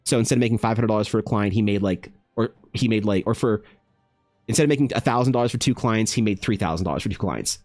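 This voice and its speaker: A man's voice: fast, no echo, clean studio sound. Rambling, profane man with faint music. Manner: loose, profane storytelling full of "like" and "bro"; slides into animated high-pitched voices for quoted people. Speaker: artist streaming while drawing. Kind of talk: casual rambling chat.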